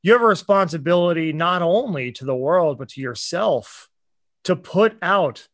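A man's voice: fairly high pitch, animated, moderate pace, a bit bright, no room sound, clean studio sound. A man co-hosting a podcast, talking in an earnest, impassioned, preachy way in casual chat. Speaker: podcast co-host.

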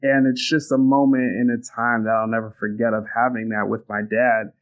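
A young man talks through a personal memory in an earnest, reflective way, often circling back and restarting his sentences. His voice sits at a medium pitch. The recording sounds a little muffled and dull. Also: flat delivery, brisk, clear, resonant tone. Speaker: guest. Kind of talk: casual conversation, storytelling.

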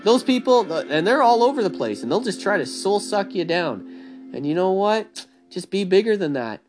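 A man giving a blunt, profane, animated rant about being yourself and not following the crowd, talking casually to listeners. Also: high voice, normal speed, music in the background. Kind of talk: casual monologue.

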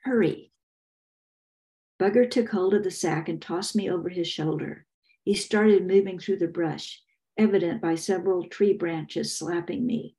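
An older woman from Texas, an author reading her own novel aloud in measured, first-person audiobook narration. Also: lowish voice, steady tone, warm tone.

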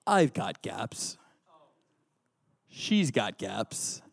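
A man putting on a slow, mumbling, half-whispered voice of a gentle male boxer during a sermon. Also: fairly low pitch, very animated, creaky, no room sound, pitched below the performer's own voice, heavily acted. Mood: tender. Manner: drawn-out slow delivery.

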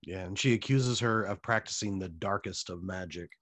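A man co-hosts a relaxed recap conversation, thinking his points through as he goes. His voice sits fairly low. The recording is dry, with no room echo. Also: moderate pace. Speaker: podcast co-host. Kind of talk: casual recap chat.

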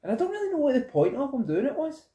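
A man's voice: very high voice, wildly swooping pitch, racing, mellow. A Scottish man chatting casually and bluntly about a film, giving his opinions on the characters. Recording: roomy echo.

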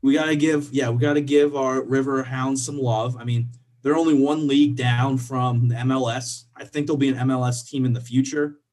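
A man's voice: medium pitch, steady tone, moderate pace, a little mellow. A young man from co-hosting a casual sports podcast, playful and laughing often as he trash-talks.

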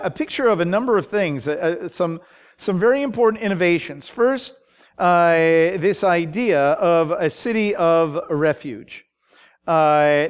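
A man teaching a Bible study, talking in a halting way with many fillers and frequent "okay?" check-ins. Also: high-pitched, clean tone.

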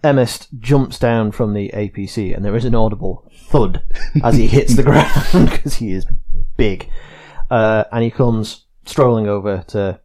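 A man's voice: on the low side, a little slow, a little mellow. A man playing a tabletop game, stammering and laughing as he narrates his character. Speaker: player.

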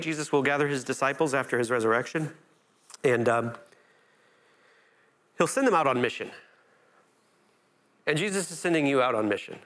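A man's voice: medium pitch, fairly bright tone. A male pastor preaching a conversational sermon, often restarting phrases and lifting his voice when he quotes Scripture.

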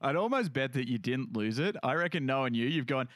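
A man's voice: medium pitch, expressive, brisk, a bit bright, dry recording, clean studio sound. A man hosting a casual podcast, telling stories and laughing often. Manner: chatty storyteller, laughs often. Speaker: podcast host.

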